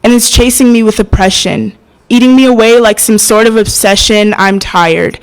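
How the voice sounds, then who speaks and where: A young woman performing spoken word poetry at an open mic, hesitant and soft-spoken between poems, passionate when she recites. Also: on the high side, fairly even intonation, normal speed, clear, resonant tone, low-quality recording. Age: young adult.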